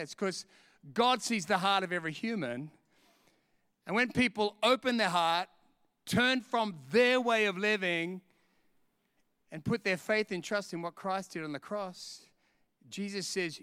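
High-pitched, animated male preacher. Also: normal speed, clear, resonant tone, dry recording, clean studio sound. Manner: animated storytelling, laughing at himself. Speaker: pastor. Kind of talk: sermon with personal story.

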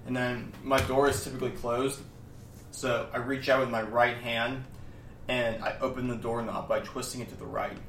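Young man, podcast guest, deadpan rambler with lots of filler words, recorded in a roomy space away from the mic. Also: medium pitch, moderate pace, gravelly, slight background noise. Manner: rambling, deadpan step-by-step storytelling with many fillers. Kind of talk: casual chat. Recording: roomy, distant mic with faint ambience.

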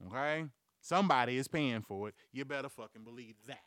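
A man hosting a comedy news podcast, ranting loudly and profanely, acting out quoted voices as he tells stories. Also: mid-range voice, fairly quick, no room sound, studio quality. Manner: profane, loud, animated storytelling. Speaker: podcast host.

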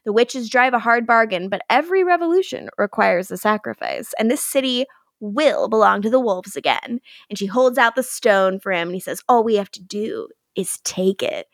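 A woman co-hosting a podcast, casually recapping episode scenes and acting out the characters' lines with quick playful voices and frequent laughter. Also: a little high, big pitch swings, a bit bright, dry recording, studio quality. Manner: lots of "like" fillers, laughing. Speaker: podcast co-host.

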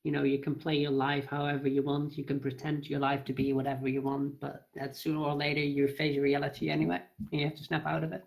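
A woman's voice: low-pitched, flat delivery, quick pace, gravelly, few pauses, darkish tone. A woman being interviewed on a casual podcast call, hesitant and nervous, often repeating her words. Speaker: interview guest.

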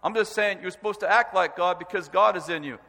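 Man preaching in a church, high bright voice, emphatic and animated, big hall echo. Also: fairly quick. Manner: animated, emphatic preaching with rising shouted stresses. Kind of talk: sermon. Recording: long hall reverb.

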